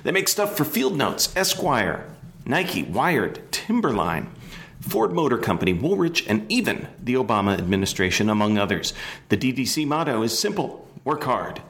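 A man's voice: mid-range voice, very animated, moderate pace, a bit bright. A man hosting a podcast, reading sponsor lines and introducing a guest in an upbeat announcer style. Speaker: podcast host. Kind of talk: host introduction and interview.

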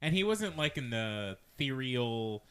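A man's voice: medium pitch, sing-song, slow, fairly bright tone, smooth. A man co-hosting a podcast, chatting casually and dropping dry, wry remarks. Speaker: podcast co-host. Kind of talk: casual chat recapping a TV show.

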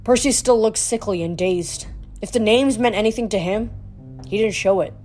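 A woman's voice: mid-range voice, moderate pace, darkish tone, faint music behind. Woman reading a fantasy novel aloud. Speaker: audiobook reader. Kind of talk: storybook reading.

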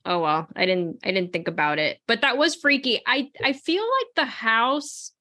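A woman's voice: on the high side, expressive, moderate pace, sharp tone. A woman hosting a podcast in casual chat, rambling and laughing as she talks. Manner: chatty, rambling, laughs often. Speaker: podcast host.

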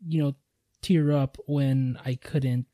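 A man's voice: mid-range voice, steady tone, slow, dark tone, no room sound, clean studio sound. A man co-hosting a podcast, chatting casually and telling stories with a laid-back, swear-heavy manner. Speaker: podcast co-host. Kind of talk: casual chat.

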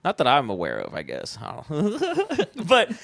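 A man's voice: on the high side, huge pitch swings, a little slow, vocal fry, fairly bright tone, no room sound. A young adult man telling a rambling story in casual chat, swearing freely and acting out what he said at the time. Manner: rambling storytelling, swears casually, acts out his own past lines. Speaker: podcast guest, festival founder.

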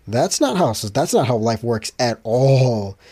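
A man talks casually to his audience, wandering from thought to thought with lots of restarts and fillers. His voice is dark, with a gravelly fry running through it. The sound is dry and close. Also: mid-range voice, big pitch swings, a little slow, dry recording. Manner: rambling, many restarts and fillers. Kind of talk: casual chat to viewers.

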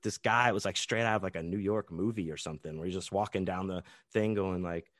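Guy with a lowish voice rambling thru a wild story, cusses a lot, dry sound. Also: quick pace, a bit bright, dry recording. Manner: rambling, profane, many restarts. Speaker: podcast guest, author. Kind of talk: casual anecdote telling.

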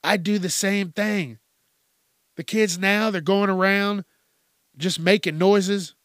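A man's voice: high voice, steady tone, slow pace, long pauses, fairly bright tone, no room sound, studio quality. A middle-aged man hosting a podcast, talking in a blunt, profane, rambling monologue. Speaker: podcast host. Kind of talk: casual monologue.

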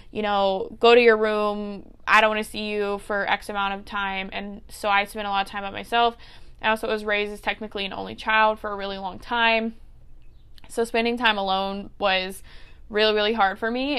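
A woman's voice: medium pitch, a bit bright, clear, resonant tone. A woman in her twenties hosting a solo podcast, giving earnest life advice in a casual way. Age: 20s. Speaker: podcast host and teacher.

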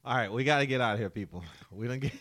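A man's voice: medium pitch, animated, a little fast. A man hosting a casual chat, laughing as he tells a story and swearing freely. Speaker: podcast host.

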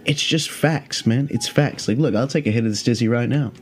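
A man's voice: medium pitch, a little fast, soft background music. A man hosting a casual solo podcast, rambling and swearing, with lots of "like" fillers. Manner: rambling, profane, heavy on "like" fillers. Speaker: podcast host.

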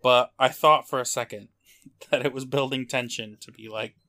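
A man's voice: mid-range voice, steady tone, normal speed, pushed and bright. A man co-hosting a podcast, chatting casually with wry, mocking jokes and frequent laughs. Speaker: podcast co-host. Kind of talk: casual chat.

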